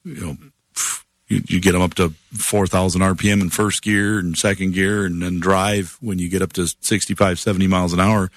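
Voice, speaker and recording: A man's voice: deep voice, level tone, a little fast, no room sound. A man co-hosting a car advice radio show, explaining car problems in a plain, folksy way. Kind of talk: casual call-in radio chat.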